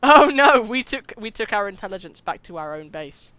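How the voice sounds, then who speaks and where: A teenage boy chattering and joking excitedly while playing a shooter game online. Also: high-pitched, a little fast, no room sound. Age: teens. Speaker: gamer. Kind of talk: casual gameplay commentary.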